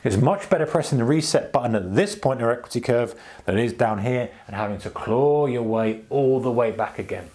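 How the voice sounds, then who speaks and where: A man hosting a trading channel, giving casual advice to camera in a rambling, animated way and acting out his own inner voice. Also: mid-range voice, a little fast. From United Kingdom.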